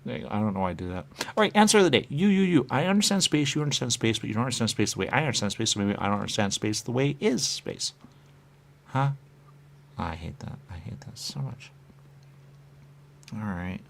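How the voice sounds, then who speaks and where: A man hosting a radio show, talking in a rambling, repetitive monologue with muttered asides and sudden loud bursts. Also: medium pitch, expressive, a little fast, creaky. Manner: repetitive, playful, muttering asides, wide swings in loudness. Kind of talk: rambling stream-of-consciousness monologue.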